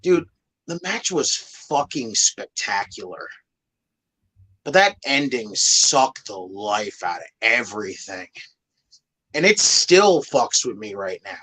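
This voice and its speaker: A man's voice: fairly low pitch, sing-song, slow, sharp tone, slightly rough, rough recording. A man co-hosting a wrestling podcast, venting his frustration in casual chat. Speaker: podcast co-host.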